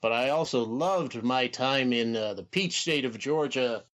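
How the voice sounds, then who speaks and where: A man's voice: mid-range voice, measured pace, a bit bright, voice pushed down, lightly acted. A man impersonating a formal older wrestling announcer with old-fashioned, stately diction. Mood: courtly.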